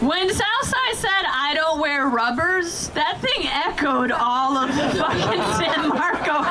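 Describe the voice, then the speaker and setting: Energetic woman emcee over loud crowd. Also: high-pitched, measured pace. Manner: energetic, laughing, teasing the audience. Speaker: show host, emcee. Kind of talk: hyping the crowd between acts. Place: outdoor rooftop event. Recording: loud crowd and city noise outdoors.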